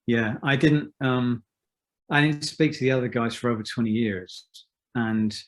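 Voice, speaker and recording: A man in his fifties, a musician being interviewed, who talks in a thoughtful, measured way with many restarts. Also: mid-range voice, fairly even intonation. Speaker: musician guest. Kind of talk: reflective interview talk.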